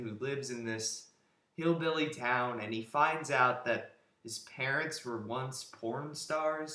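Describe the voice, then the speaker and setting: A man's voice: mid-range voice, pushed and bright. A man giving a sarcastic, exasperated rant as an online movie reviewer. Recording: roomy echo.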